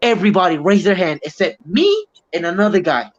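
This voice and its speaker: A man's voice: high-pitched, big pitch swings, a little fast. A man hosting a livestream, ranting in casual, heavily profane chat. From Puerto Rico. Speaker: livestream host. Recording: muffled lo-fi stream audio.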